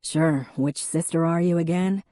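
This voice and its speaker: A woman's voice: sits low, a little slow, mellow, no room sound. A woman voicing a dry, wry adult man in an audiobook.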